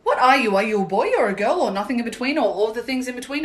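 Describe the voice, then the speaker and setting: High, animated woman doing comic voices. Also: quick pace. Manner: exaggerated, jumps between shouting and mumbling. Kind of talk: comedic sketch narration with put-on voices.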